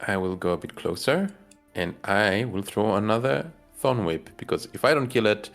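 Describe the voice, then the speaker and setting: A man's voice: on the low side, animated, moderate pace, vocal fry, fairly bright tone, faint music behind. A man playing a tabletop game in a matter-of-fact way, reading out rules as he plays. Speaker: player. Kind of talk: casual tabletop play.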